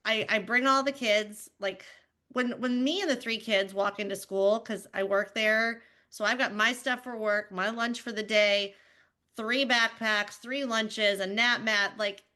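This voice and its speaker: Bright, animated mom telling stories. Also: female voice, fairly high pitch, unhurried. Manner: animated storytelling with many fillers. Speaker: podcast co-host. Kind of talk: casual chat.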